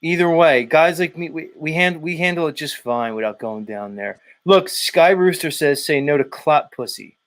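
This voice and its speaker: A man's voice: on the high side, normal speed, hardly any pauses. A man hosting a show, ranting casually with mocking, profane remarks. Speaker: show host.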